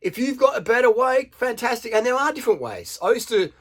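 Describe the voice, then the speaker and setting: A man's voice: extremely high pitch, animated, a little fast, fairly bright tone. An Australian man ranting bluntly to camera, swearing freely and firing rhetorical questions at his viewers. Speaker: vlogger. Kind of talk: unscripted rant to camera.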